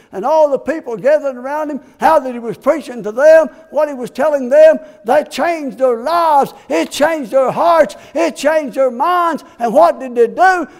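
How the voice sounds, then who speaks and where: A man preaching a sermon with passion, asking his congregation rhetorical questions. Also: extremely high pitch. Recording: long hall reverb.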